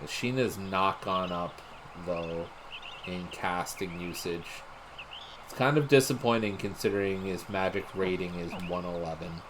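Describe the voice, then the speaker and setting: A man's voice: sits low, unhurried, noisy background. A man casually thinking aloud while commenting on a game he is playing. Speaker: let's play host. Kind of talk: gameplay commentary. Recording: game music playing under the voice.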